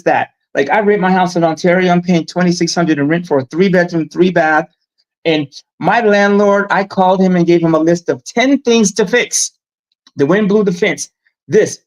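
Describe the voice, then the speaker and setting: A middle-aged man talking in a casual live-stream chat, animated and emphatic, telling stories with asides. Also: high-pitched, poor audio. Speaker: guest.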